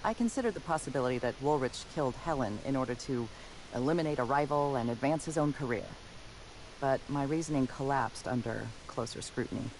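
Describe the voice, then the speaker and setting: An actor voicing a formal, dry-witted detective robot in a video game, speaking with precise deadpan delivery. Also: male voice, medium pitch, a little fast, a little hiss or hum, natural voice, rough recording.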